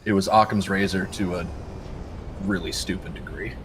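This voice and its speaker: A man's voice: low voice, steady tone, moderate pace, noisy background. A young man co-hosting a gaming livestream, talking casually, rambling with restarts and laughs.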